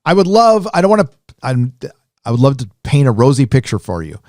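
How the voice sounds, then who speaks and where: A man's voice: medium pitch, fairly quick, dry recording, clean studio sound. Rambling man hosting a live stream. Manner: rambling, animated, many fillers and restarts. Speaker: live show host. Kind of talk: casual live-stream commentary.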